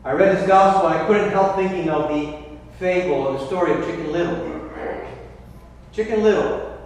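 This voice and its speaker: A man preaching a homily as a Catholic priest, telling a story with restarts and slowing down for emphasis. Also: high voice. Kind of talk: sermon. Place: church. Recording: echoey church from far off.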